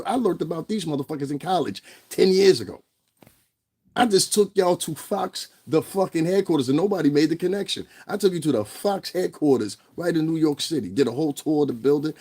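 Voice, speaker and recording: Man in his 30s, profane fired-up rant host, mid pitch. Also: a little mellow. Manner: profane, fired-up, repeats himself. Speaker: commentary channel host. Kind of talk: ranting commentary.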